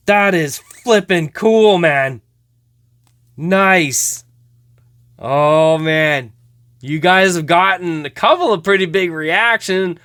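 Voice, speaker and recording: A man hosting a hockey card show, casually rambling as he opens cards, hedging with many trailing remarks and breaking into excited laughs. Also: high-pitched, slow pace, dry recording, clean studio sound. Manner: hesitant, rambling, many trailing 'I don't know's; laughs easily, bursts into excited outbursts. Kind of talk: casual card-opening commentary.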